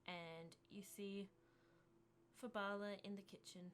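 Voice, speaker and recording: A woman narrating a tabletop role-playing game as game master, slow and hesitant, with restarts. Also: medium pitch, little pitch movement, a bit bright, slight background noise.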